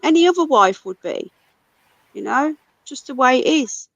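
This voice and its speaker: A woman's voice: high-pitched, expressive, normal speed, vocal fry, a bit bright, no echo, highs cut off. A British woman hosting a casual livestream, ranting angrily and swearing a lot. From United Kingdom. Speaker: livestream host.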